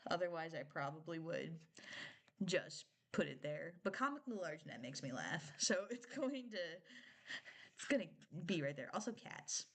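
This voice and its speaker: A woman's voice: low-pitched, very animated, normal speed, a bit bright. A young woman chatting casually on a live stream, rambling with lots of filler words and frequent giggles. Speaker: streamer reviewing a TV show.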